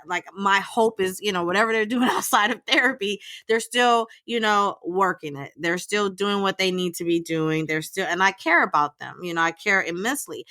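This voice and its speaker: A woman therapist co-hosting a podcast, talking in a chatty, animated way with many fillers and frequent laughs. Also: mid-range voice, no room sound. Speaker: therapist co-host. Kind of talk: casual podcast chat.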